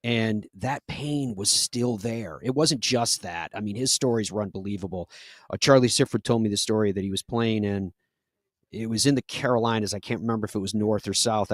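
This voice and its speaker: A man's voice: lowish voice, fairly quick, no room sound. A man hosting a live golf talk show, telling stories in an earnest, conversational way with frequent fillers.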